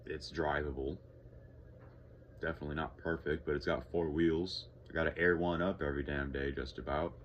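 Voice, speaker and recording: A man's voice: a bass voice, steady tone, normal speed, highs cut off, slight background noise. A young man from Texas talking casually in a vlog, rambling, swearing freely and sighing often. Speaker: vlogger.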